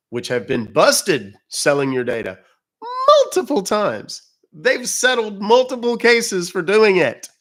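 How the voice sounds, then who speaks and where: A man's voice: mid-range voice, fairly bright tone. A man from the United States hosting a casual livestream, chatty and blunt as he answers viewers' chat comments. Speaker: livestream host.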